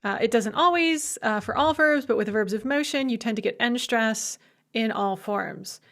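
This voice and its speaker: A language instructor gives a recorded lecture in a slightly raised pitch at normal speed. She speaks emphatically and keeps things lively with playful asides.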